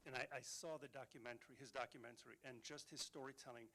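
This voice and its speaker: A man moderating a conference panel who asks questions in a halting, searching way. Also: medium pitch, steady tone, creaky, pushed and bright, low-quality recording. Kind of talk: panel discussion.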